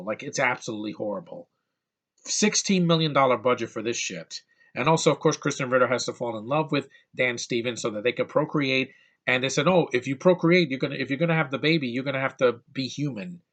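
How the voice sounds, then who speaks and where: A man rants his way through a film review, his bright, forceful voice full of exasperation. He swears freely and keeps stumbling and restarting mid-sentence in disbelief. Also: mid-range voice. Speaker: movie reviewer.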